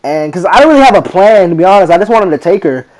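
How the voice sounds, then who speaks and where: Teenage guy, slangy casual storyteller, fairly high-pitched, animated quoting. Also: fast. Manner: slangy, rambling, animated retelling with quoted voices. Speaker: vlogger.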